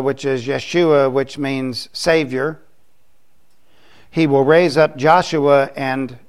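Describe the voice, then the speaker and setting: A middle-aged man delivers a sermon from the pulpit. He speaks slowly and with deliberate emphasis, his voice set somewhat high, and he circles back to the same phrases to drive them home. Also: smooth. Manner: slow, emphatic preaching with repeated phrases. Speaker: pastor.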